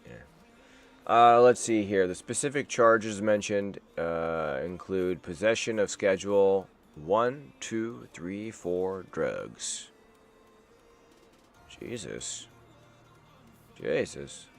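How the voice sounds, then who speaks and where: Low-voiced man cursing through a stream. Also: takes it slowly, soft background music. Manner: profane, wisecracking, rambling. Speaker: streamer host. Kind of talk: casual live-stream news reaction.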